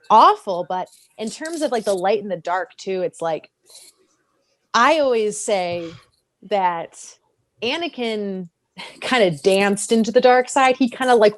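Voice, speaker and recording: A woman talking casually on a podcast, animated and laughing often as she breaks down a character. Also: mid-range voice, no room sound. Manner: animated, laughs often, acts out quoted voices. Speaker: podcast co-host. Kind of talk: casual fan discussion.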